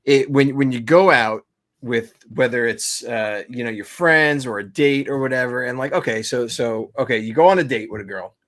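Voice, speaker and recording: A man's voice: mid-range voice, normal speed, fairly bright tone. A young man co-hosting a casual podcast, ranting in a rambling, profane way. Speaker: podcast co-host. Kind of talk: casual banter.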